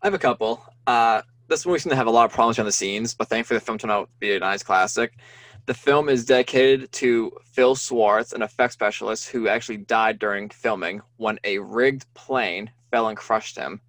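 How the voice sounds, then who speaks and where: A man's voice: lowish voice, fairly quick, a bit bright, dry recording. A man co-hosting a podcast, chatting casually about a film in a friendly, easygoing way. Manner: friendly, easygoing, laughs often. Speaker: podcast co-host.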